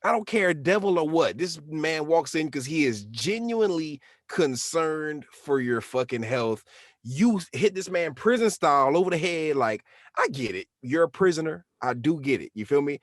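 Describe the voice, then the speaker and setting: A man co-hosting a casual podcast, his voice pitched a little high. He talks in an animated, slangy way and breaks into acted-out quotes. The mic is dry and close. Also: moderate pace, no echo. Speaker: podcast co-host. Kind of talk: casual chat.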